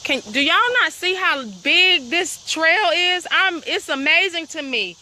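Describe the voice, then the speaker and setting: A woman with an extremely high, bright, forceful voice speaks at a measured pace, out of breath as she walks a rural trail vlogging into her phone. She owns the property and is upset and indignant, firing pointed questions at her viewers. Crickets chirp around her outdoors on the rural land.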